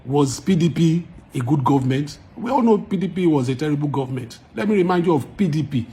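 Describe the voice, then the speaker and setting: Emphatic Nigerian man, slightly high voice. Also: lively intonation, brisk, warm tone. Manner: emphatic, argumentative, repeats points for force. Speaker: musician. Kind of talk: direct-to-camera address to followers.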